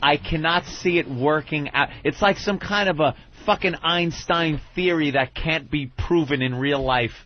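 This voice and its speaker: A man's voice: a little high, moderate pace, few pauses. A male radio host talking with a guest, thinking things through in an earnest, questioning way. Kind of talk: radio show talk. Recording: lo-fi radio broadcast.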